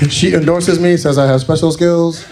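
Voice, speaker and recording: A man's voice: a little high, steady tone, moderate pace, over a noisy crowd, very noisy. A man doing a stand-up set in a comedy club, telling a crude story in an incredulous tone.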